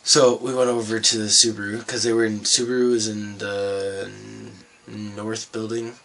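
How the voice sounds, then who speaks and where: A man's voice: fairly low pitch, flat delivery, moderate pace, fairly bright tone. A young man from Canada vlogging, telling a rambling, profane story in a laid-back way. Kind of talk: casual storytelling vlog.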